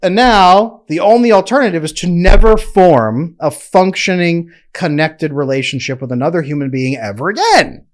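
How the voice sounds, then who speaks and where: A man's voice: on the high side, lively intonation, normal speed, hardly any pauses, pitched above the performer's own voice, close to an everyday voice. A man voicing a defensive avoidant man who resists commitment. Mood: self-pitying. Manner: indignant, defensive.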